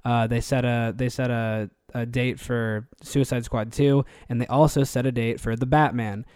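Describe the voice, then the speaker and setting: A man co-hosting a podcast, chatting casually in an animated, rambling way with frequent laughs. His voice sits mid-range and is recorded close and dry. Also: medium pitch, moderate pace, clean tone, no echo. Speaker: podcast co-host. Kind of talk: casual chat.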